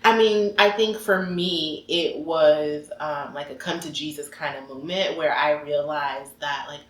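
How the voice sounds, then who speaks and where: A woman working as a behavior analyst, telling stories in an earnest, animated way during a casual conversation. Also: low voice, measured pace. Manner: animated, earnest, faith-filled storyteller. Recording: roomy echoey room.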